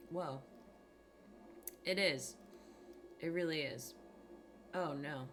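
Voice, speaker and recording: A young woman hosting a livestream, chatting casually with viewers in a soft, quiet morning voice into a small desk microphone. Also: fairly low pitch. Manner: soft-spoken, chatty, reading out chat messages. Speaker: livestream host. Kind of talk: casual chat with stream viewers.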